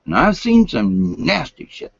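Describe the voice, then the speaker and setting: Older man, folksy late-night rambler, pitch rises and falls a lot, dry close sound. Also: huge pitch swings, unhurried, vocal fry, husky, no room sound. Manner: folksy, meandering, drops to whispers. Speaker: vlogger. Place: home room, lights turned down. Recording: dull lo-fi sound.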